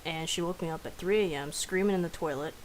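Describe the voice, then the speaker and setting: A woman's voice: lowish voice, quick pace, slight background noise, poor audio. A young woman telling stories casually on a live stream, chatty and profane, laughing often.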